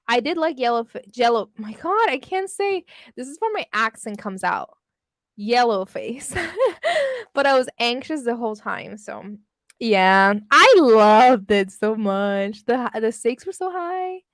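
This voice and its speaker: A woman's voice: medium pitch, fairly bright tone, no room sound, clean studio sound. A young woman chatting casually with her livestream audience, laughing often and swearing freely. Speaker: livestream host reading with chat. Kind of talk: casual chat.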